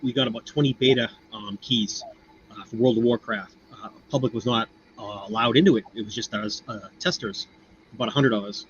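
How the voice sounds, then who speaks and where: A man's voice: fairly low pitch, a little fast, lo-fi sound, a little hiss or hum. An American man chatting casually and telling a rambling story full of fillers. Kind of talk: casual chat.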